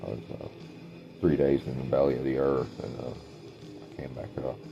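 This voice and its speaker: A man talking in a meandering spiritual monologue, trailing off with many pauses, as a self-described clairvoyant. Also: extremely low pitch, flat delivery, gravelly, dark tone, dull audio, faint music behind.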